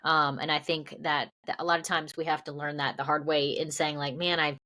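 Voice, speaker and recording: A woman's voice: deep voice, little pitch movement, fairly quick, pushed and bright. A woman from the American South, an actress guest, talking earnestly and reflectively with many fillers. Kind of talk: casual interview chat.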